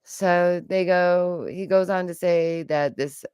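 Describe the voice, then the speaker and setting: A woman's voice: fairly low pitch, steady tone, slow pace, darkish tone, smooth, no room sound, clean studio sound. A young adult woman giving casual, rambling reaction commentary as a vlogger, with lots of asides. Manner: chatty, rambling, with frequent asides and laughs.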